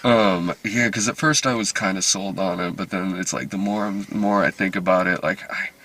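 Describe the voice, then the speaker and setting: A man's voice: low-pitched, moderate pace. A man chatting casually in a dim movie theater after a screening, laughing often as he reviews the film. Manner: giggly, laughs often, animated.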